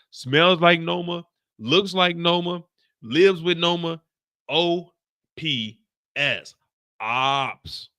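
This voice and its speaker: Male recap host, animated storytelling, gravelly voice, bright tone, lively pitch. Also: dry recording, clean studio sound. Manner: animated storytelling with sound effects and slang.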